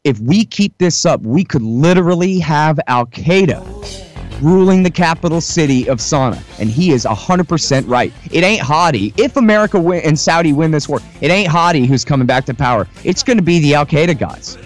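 A man's voice: a little high, expressive, moderate pace, faint music behind. A man talking politics as a guest, emphatic and mocking. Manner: emphatic, mocking, acts out quoted voices. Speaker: guest commentator. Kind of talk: casual political talk.

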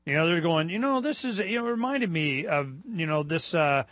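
A man hosting a casual political talk radio show, animated and rambling. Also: fairly high pitch, a little fast, dry recording.

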